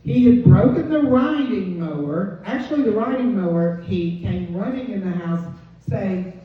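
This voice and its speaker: A woman comedian, telling a stand-up story in an animated way and acting out the quoted voices. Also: medium pitch, moderate pace. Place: comedy club stage. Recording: dull, distant, echoey club recording.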